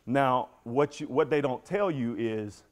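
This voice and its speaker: Speaking at a measured pace with a medium-pitched voice, a middle-aged motivational speaker shares his recovery story frankly with a football team and speaks directly to those in the room.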